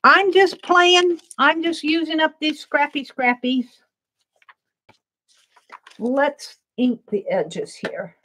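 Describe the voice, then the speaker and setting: A middle-aged woman from the American Midwest talks through her art stream in a high voice. She rambles slowly and easily while she works. She laughs often between thoughts. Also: pushed and bright, a little hiss or hum. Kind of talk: casual crafting livestream chat.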